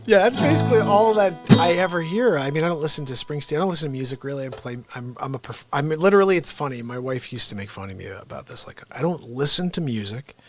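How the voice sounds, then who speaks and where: A man hosting his own unscripted livestream, chatting casually in an excitable, rambling way with frequent restarts. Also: mid-range voice, quick pace, few pauses, faint music behind. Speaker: livestream host and impressionist.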